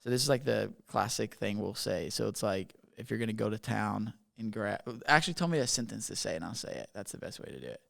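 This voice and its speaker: A man's voice: fairly low pitch, expressive, fast, gravelly, few pauses, a bit bright. A young man from Bermuda telling his story as a podcast guest, talking casually and rambling with lots of "like". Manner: rambling, filler-heavy with frequent "like".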